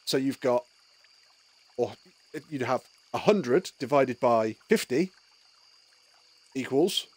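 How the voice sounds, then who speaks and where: A man streaming a game, chatting casually and telling animated stories full of swearing. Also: mid-range voice, takes it slowly, long pauses, husky. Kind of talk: casual chat.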